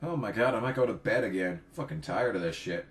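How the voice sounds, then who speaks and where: A man's voice: on the low side, lively intonation, fairly quick. Young guy vlogging a cursing rant, voice swings all over the place. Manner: profane, exasperated ranting. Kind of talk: ranting political vlog.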